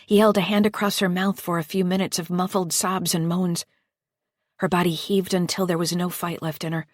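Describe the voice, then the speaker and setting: A woman narrating a first-person psychological thriller audiobook in a steady, tense storytelling manner. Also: fairly low pitch, normal speed, no echo, studio quality.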